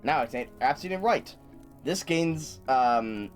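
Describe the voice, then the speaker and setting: A man's voice: mid-range voice, lively intonation, measured pace, faint music behind. A man casually commenting on a game he streams, chatty and stumbling as he reads menus aloud. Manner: chatty, stumbles and restarts, swears when surprised.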